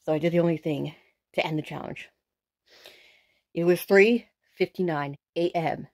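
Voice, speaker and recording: A woman hosting a casual paranormal challenge vlog, excitable and dramatic, swearing freely as she talks to the camera. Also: low voice, normal speed. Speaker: video host.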